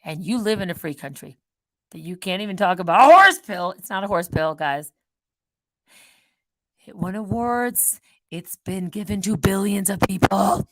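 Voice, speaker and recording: A woman hosting her own channel, rambling in a casual monologue that swings between loud outbursts and quiet muttered asides. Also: medium pitch, animated, normal speed, dry recording, clean studio sound. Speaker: channel host.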